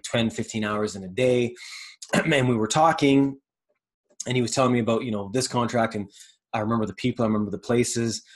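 A man hosting his own motivational podcast, talking casually and earnestly, rambling, pausing to search for words, and swearing freely. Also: on the low side. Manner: earnest and reflective. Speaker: podcast host. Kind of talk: motivational monologue.

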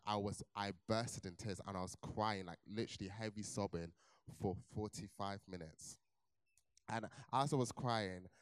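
A young man preaching, telling a personal story in an animated way with laughter and then turning earnest. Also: lowish voice, clear, resonant tone, no room sound. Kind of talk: sermon with personal testimony.

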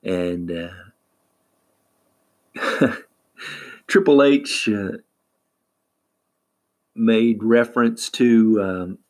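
Slow halting male wrestling recap host. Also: lowish voice, a little mellow. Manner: halting, many fillers and restarts. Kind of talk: casual recap commentary.

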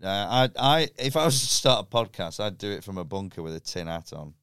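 A middle-aged man rants his way through a casual podcast chat, swearing freely and laughing at his own points. His voice sits low but leaps around with lively swings. The sound is dry and close. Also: a little fast, clean tone, no room sound. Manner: sweary, ranting, laughs often. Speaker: comedian guest.

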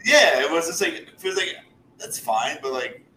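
A man's voice: fairly high pitch, big pitch swings, normal speed, bright, forceful tone. A man hosting a podcast in casual chat, joking and laughing a lot. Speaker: podcast host. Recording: echoey room with faint noise.

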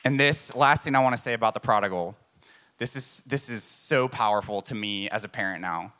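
A male pastor delivering a sermon, shifting between emphatic personal stories and earnest, self-mocking asides. His voice is bright and forceful, at an average pitch for a man. He preaches to a church crowd that answers him with amens. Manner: emphatic storytelling, self-deprecating.

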